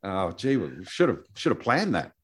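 Male co-host, lowish voice, rambling casual delivery. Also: huge pitch swings, normal speed, fairly bright tone, husky. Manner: hesitant, many fillers and restarts, laughs easily. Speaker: podcast co-host. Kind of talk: casual chat.

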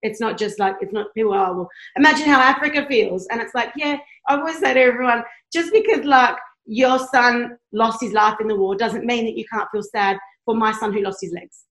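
A woman's voice: on the high side, brisk, few pauses, roomy sound, rough recording. A woman in her thirties, a blogger guest talking candidly in a podcast conversation, passionate and blunt, swearing freely. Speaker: guest, blogger who tours.

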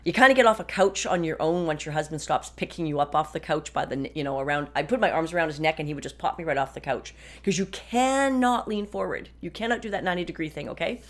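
A woman's voice: deep voice, fast talker, few pauses. Chatty, frank woman in her fifties. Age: 50s. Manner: frank and chatty, with wry sarcasm. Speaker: podcast host. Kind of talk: casual personal monologue. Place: home office, at a desk.

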